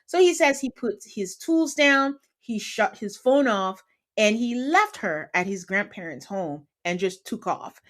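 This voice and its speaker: A woman's voice: medium pitch, unhurried. A woman hosting a podcast, chatting casually about a reality show and acting out what people said. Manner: chatty, acts out quotes with lively voices. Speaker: podcast host. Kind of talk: casual reality-TV recap chat.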